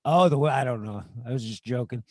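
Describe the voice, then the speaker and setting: A man co-hosting a casual chat over a video call. He guesses movie quotes, chatty and quick to laugh. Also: medium pitch, no room sound, studio quality. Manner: chatty, laughs between lines. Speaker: co-host.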